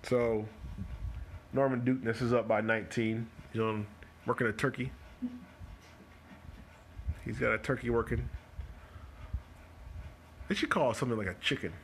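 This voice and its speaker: A man's voice: mid-range voice, steady tone. A man hosting a live stream, chatting casually and joking while he breaks down bowling shots. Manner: chatty and joking, talks fast in spurts. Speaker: host of a bowling coaching show. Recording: live stream with faint noise.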